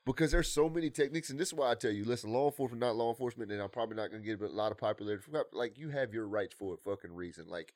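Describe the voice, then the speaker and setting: Fast-talking blunt ex-cop man. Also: mid-range voice, darkish tone, no room sound, studio quality. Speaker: podcast guest, former police detective. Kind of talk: casual podcast chat. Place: podcast studio.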